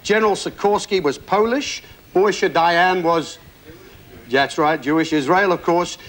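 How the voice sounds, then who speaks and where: A man's voice: high voice, a little slow, fairly bright tone. A man hosting a television quiz show, jovial and joking with the contestants as he reads out questions and scores. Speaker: game show host. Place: TV studio. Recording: TV studio with audience and music. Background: studio audience and show music.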